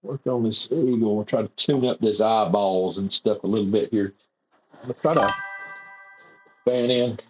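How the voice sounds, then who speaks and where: A man's voice: on the low side, steady tone, moderate pace, pauses often, muffled recording, faint music behind. A man chatting casually and rambling as he airbrushes in his home workshop on a livestream. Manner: rambling, easygoing, self-deprecating. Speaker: airbrush artist streaming his work. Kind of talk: casual livestream chat while painting.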